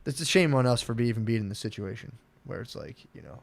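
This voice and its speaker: A man co-hosting a podcast, rambling and swearing through animated casual chat. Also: mid-range voice, fast, vocal fry. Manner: rambling, profane, animated storytelling. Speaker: podcast co-host.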